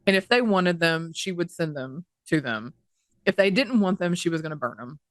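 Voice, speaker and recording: A woman's voice: fairly low pitch, animated, normal speed, no echo, studio quality. A woman co-hosting a podcast in casual chat, talking indignantly at length and swearing freely. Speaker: podcast co-host.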